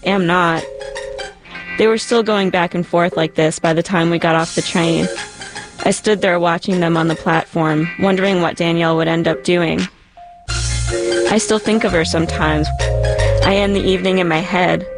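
A woman narrating a first-person spoken-word story in a calm, reflective way. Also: lowish voice, moderate pace. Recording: narration over a music bed.

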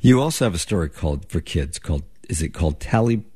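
A man's voice: low-pitched, lively intonation, quick pace, mellow, slightly rough. A man interviewing a guest in a casual radio chat, curious and stammering on restarts.

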